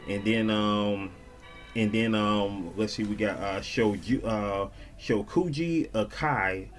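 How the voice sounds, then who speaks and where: Brief: low-voiced man, laid-back slangy vlogger doing viewer shout-outs, faint music behind. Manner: slangy and laid-back, peppered with "you dig". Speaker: vlogger reading viewer comments. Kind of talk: casual chat.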